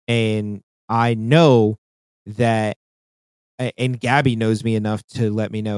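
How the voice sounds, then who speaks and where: Man, casual podcast chat, rambling, heavy swearing, lowish voice, dry close mic. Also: fairly even intonation, moderate pace, darkish tone, clean tone, no echo. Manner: profane, rambling, restarts often. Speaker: podcast co-host.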